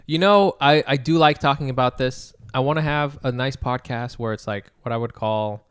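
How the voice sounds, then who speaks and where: A man's voice: mid-range voice, moderate pace, clean tone. A young man co-hosting a podcast, chatting casually and telling a rambling story with plenty of casual swearing. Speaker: podcast co-host. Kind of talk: casual chat.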